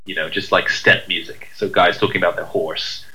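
A man co-hosting a loose, chatty conversation. His voice is bright and forward, sitting a little low for a man. He wanders through his points with fillers and restarts and pokes fun at himself. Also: steady tone, moderate pace, low-quality recording. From United Kingdom. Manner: rambling, self-deprecating, lots of fillers and restarts. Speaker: podcast co-host. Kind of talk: casual chat.

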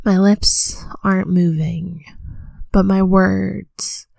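A woman voicing a commanding female vampire in a slow, breathy whispered role-play. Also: medium pitch, level tone, dark tone, no room sound, heavily acted. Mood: hypnotic. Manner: slow hypnotic countdown, commanding.

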